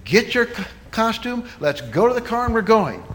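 A man voicing a worried young mother in a children's story, speaking in a higher, gentle motherly voice. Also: sing-song, normal speed. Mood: brisk.

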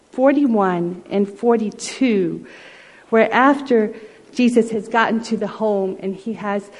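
Woman preacher telling a story softly. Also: mid-range voice, low-quality recording. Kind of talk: sermon storytelling.

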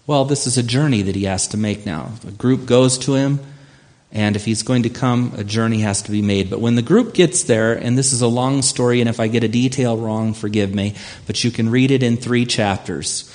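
A man's voice: medium pitch, normal speed, darkish tone. A man preaching a sermon, retelling a scripture story in a conversational way and acting out the characters. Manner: conversational storytelling, acts out voices. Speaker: pastor.

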